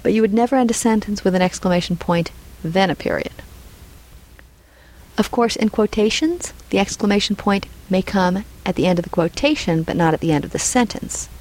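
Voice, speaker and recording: A woman's voice: mid-range voice, lively intonation, a little fast, darkish tone, poor audio. A woman narrating a scripted lesson on punctuation, reading example dialogue aloud and naming each punctuation mark. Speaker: writing instructor.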